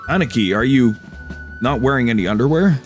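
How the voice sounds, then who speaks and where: A man's voice: mid-range voice, expressive, fairly quick, faint music behind, natural voice. A man voicing a flustered young yakuza underling. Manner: apologetic, flustered.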